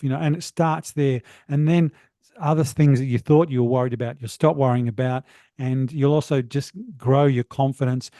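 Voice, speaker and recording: A middle-aged man coaches in a motivational, rambling way on a podcast. His voice is mellow and relaxed. He is recorded dry over a remote call mic. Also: medium pitch, no echo. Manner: earnest, rambling, many "you know" fillers. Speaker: guest, wellness coach.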